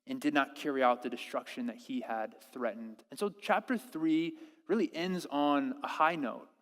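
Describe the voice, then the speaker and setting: A man's voice: medium pitch, moderate pace, a bit bright. A man in his thirties preaching a sermon to his congregation, conversational and playful, often restarting his sentences. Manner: conversational, self-interrupting, playful asides. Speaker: pastor. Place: church service in a school auditorium. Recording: long reverb of a church hall.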